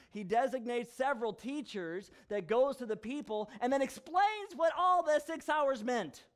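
Animated pastor with a high voice. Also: male voice. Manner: animated storytelling, acting out dialogue, frequent laughs. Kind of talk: conversational sermon.

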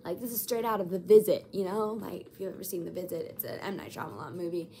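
A woman's voice: fairly low pitch, quick pace, slight background noise. Chatty young woman telling a story. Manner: animated, chatty, dramatic asides. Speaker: vlogger. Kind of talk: casual storytelling. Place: hospital room.

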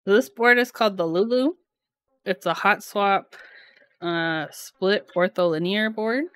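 Slow-talking giggly young woman streamer. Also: medium pitch. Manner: giggly, chatty, lots of "like". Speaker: streamer building a keyboard. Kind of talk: casual live-stream chat.

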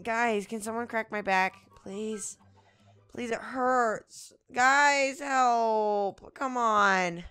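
Bright-voiced goofy young gaming host. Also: male voice, high voice, takes it slowly, clean tone. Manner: goofy, exclamatory, with whispered sneaky asides. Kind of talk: let's play commentary.

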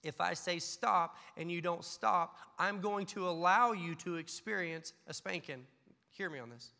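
A man's voice: sits high, measured pace, vocal fry, pushed and bright, long reverb tail. A man preaching a sermon to a church congregation, telling stories and acting out the voices in them. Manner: storytelling preacher, acts out voices in anecdotes. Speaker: pastor. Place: church sanctuary.

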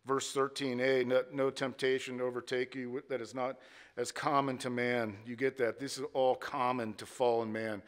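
Male pastor, emphatic repetitive preaching, mid-pitched voice, long reverb of the sanctuary. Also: level tone, normal speed, clean tone. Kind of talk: sermon. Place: church sanctuary.

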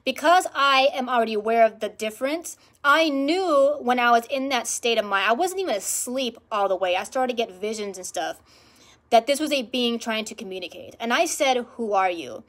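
A woman speaking to camera in a vlog, telling a personal spiritual experience in an animated, emphatic way and repeating words for emphasis. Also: a little high, moderate pace. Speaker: spiritual practitioner vlogger.

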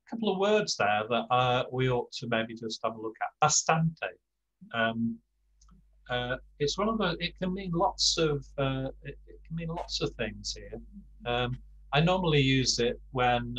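Older male tutor, video call, slow and halting, lots of fillers. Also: mid-range voice, a bit bright, rough recording. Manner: slow, hesitant, many fillers and restarts. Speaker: Spanish class tutor. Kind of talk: online language lesson.

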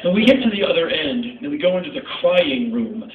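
A man's voice: high voice, brisk, a crowd in the background. Sardonic man telling a story on stage. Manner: animated, sardonic, punchy delivery. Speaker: spoken word performer. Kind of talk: stand-up storytelling. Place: nightclub stage. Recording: echoey club audio, tinny and distant.

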